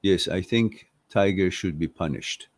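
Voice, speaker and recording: Man voicing lion king in a fable, low, slow, unhurried. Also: no room sound. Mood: stern. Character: calm male lion king judging a dispute.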